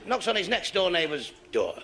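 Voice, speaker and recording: Gravelly Mancunian man telling jokes. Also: high voice, normal speed, some chatter behind. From Manchester, England. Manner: deadpan storyteller, chains "he said" through dialogue. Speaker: stand-up comedian. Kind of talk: stand-up joke telling.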